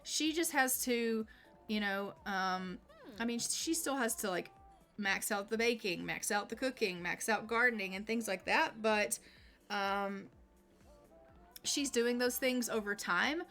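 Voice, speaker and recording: A woman's voice: medium pitch, measured pace, fairly bright tone. A woman hosting casual gameplay commentary, chatty and full of fillers like "like" and "um". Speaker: gaming channel host. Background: faint game music.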